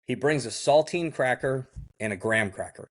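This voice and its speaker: On a podcast, a male guest with a mid-range, animated voice and a moderate pace tells a first-person story in a casual way. He brings blunt, vivid detail, acts out the dialogue, and often says "like" and "I go."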